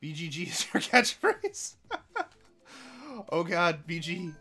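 A man hosting a live racing game stream, chatty and excitable, talking to chat and to his cat at home. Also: slow pace, faint music behind. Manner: excitable, chatty, bursts into high-pitched baby talk with his cat. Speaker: livestream host. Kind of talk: live gameplay commentary.

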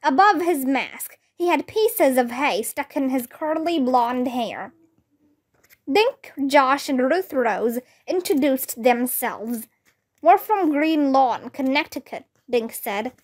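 A woman with a Vietnamese accent reading a children's book aloud, slowly and carefully, giving the kids' dialogue some life. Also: high-pitched, lively intonation. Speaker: reader.

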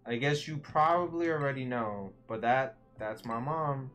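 A man's voice: medium pitch, unhurried, fairly bright tone, faint music behind, natural voice. A man reading aloud the lines of a bitter teenage boy in a video game, in a grumbling tone. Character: moody teenage boy, bitter about his absent mother.

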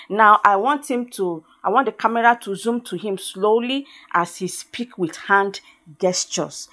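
A woman with a Nigerian accent, Igbo by first language, hosts a step-by-step tutorial and talks directly to her audience. Her voice sits at an ordinary middle pitch. She keeps her tone chatty and encouraging, slipping into Pidgin here and there. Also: a bit bright. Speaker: tutorial host. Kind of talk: screen-recorded software tutorial.

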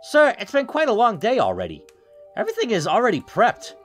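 A man's voice: very high-pitched, wildly swooping pitch, brisk, faint music behind, voice pushed up, exaggerated voice. A man voicing an eager, politely persuasive young debt collector with an overly formal manner, reading game dialogue. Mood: courteous.

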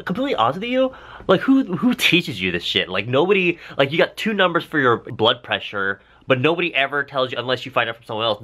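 A young man chatting casually to his camera as a vlogger, animated and swearing freely, with big jumps in pitch. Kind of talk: casual vlog chat. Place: out and about, streets and cafés.

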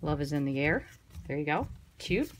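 A low-voiced woman leads a casual card-making tutorial at a moderate pace, chatting in a relaxed way and thinking aloud as she works. There's slight background noise.

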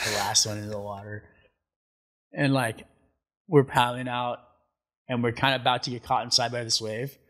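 Animated man telling surf stories. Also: mid-range voice. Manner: animated storyteller, acts out quotes, laughs often. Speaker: surf commentator and guest. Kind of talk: casual storytelling interview.

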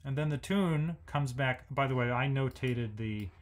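A man's voice: medium pitch, normal speed. A man hosting a music lesson, thinking aloud as he analyzes a symphony and sings the rhythms on nonsense syllables. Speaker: music educator host.

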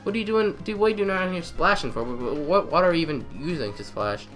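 A young man giving excitable let's-play commentary, trash-talking the game and repeating phrases in quick bursts. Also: on the high side, soft background music. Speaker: gamer.

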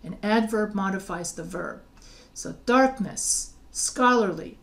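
A woman's voice: medium pitch, slow, vocal fry. Woman teaching spelling rules. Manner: explains patiently, with many restarts and spelled-out words. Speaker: writing teacher. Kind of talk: recorded lecture over slides.

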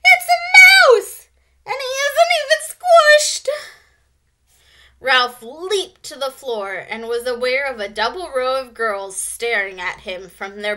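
A woman teacher narrates a children's chapter book aloud in a slow, expressive storytelling voice. Her tone is bright and clear, set a little high.

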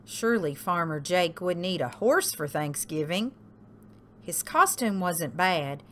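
A woman reading a picture book aloud for a library story time, in an expressive sing-song storytelling manner with big leaps for the animals. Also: on the low side, measured pace, a little hiss or hum.

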